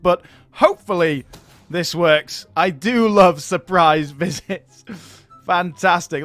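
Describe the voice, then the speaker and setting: A man's voice: a little high, a bit bright, dry recording. A man giving chatty gameplay commentary as he plays, chuckling often between remarks. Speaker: gaming YouTuber.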